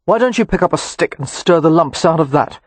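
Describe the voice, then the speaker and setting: A man's voice: fairly high pitch, animated, brisk, dry recording, lightly acted. An audiobook narrator voicing a brooding, hostile Romany man who answers in curt, growling retorts.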